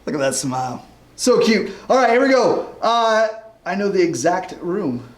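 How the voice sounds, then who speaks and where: A man's voice: sits high, very animated, normal speed, echoey room. A man hosting a live-stream guessing game for a youth group, upbeat and chatty as he rattles off viewers' guesses.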